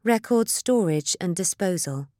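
A woman voicing a monotone, dead-voiced female servitor machine. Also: on the low side, a little slow, no room sound, studio quality. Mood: flat.

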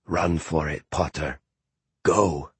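A man voicing a frightened, stubborn young man who speaks quietly in clipped words. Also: very deep voice, steady tone, takes it slowly, slightly rough, no echo, exaggerated voice. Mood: tense.

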